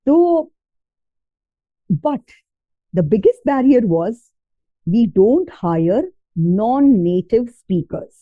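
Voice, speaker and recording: A woman's voice: a little high, very animated, drawn-out words, long pauses, no echo, phone-quality sound. A woman from India with an Indian accent, telling her story as a podcast guest in a casual interview, mixing Hindi words into her English.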